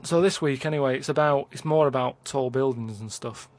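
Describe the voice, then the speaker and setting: A man telling a long, halting anecdote in a flat, deadpan way on a comedy podcast. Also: medium pitch, very noisy. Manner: halting, repetitive, unhurried.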